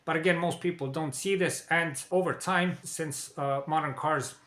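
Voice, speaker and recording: A man teaching car maintenance in a clear, instructional way, pausing to check in with viewers. His voice is bright and forceful and sits a bit high for a man. The sound carries the roomy echo of a garage. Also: fairly even intonation. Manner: repeats "okay?" and addresses "dear viewers". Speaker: car repair presenter. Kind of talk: instructional explainer.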